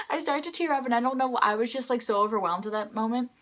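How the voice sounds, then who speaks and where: A young woman vlogger telling an excited, rambling story to the camera, filling it with "like" and acting out quotes. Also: moderate pace. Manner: excited, rambling, heavy use of "like"; acts out quoted lines in a higher voice. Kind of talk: casual storytelling vlog.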